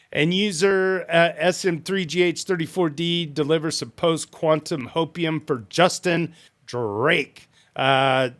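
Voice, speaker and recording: A man hosting a live stream, reading community forum posts aloud with playful asides and bits of hype. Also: on the high side.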